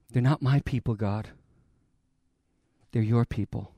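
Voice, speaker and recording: A man preaching a sermon, dramatic and expressive as he retells a scripture scene. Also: medium pitch, normal speed, pauses often, breathy edge, no echo, studio quality. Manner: dramatic, voices God and Moses in the retelling.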